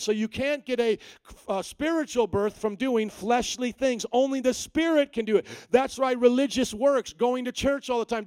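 Male pastor, middle-aged, high clear voice, dry close mic, animated preaching that acts out scripture. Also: no room sound. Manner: animated preaching, voicing Bible figures with rising pitch. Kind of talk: sermon.

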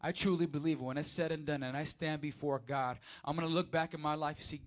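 A young pastor delivers a casual, lively sermon in church, addressing the crowd directly and swinging from quiet asides to loud peaks. His pitch is fairly high, and he talks fast with few pauses.

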